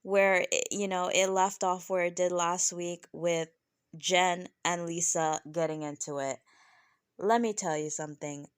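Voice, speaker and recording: A woman reviewing a reality show in casual, opinionated talk, animated and often tagging "right?" onto her points. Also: a little slow, clear, resonant tone, no room sound, studio quality. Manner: animated, keeps asking "right?"; laughs often, mimics people in high voices.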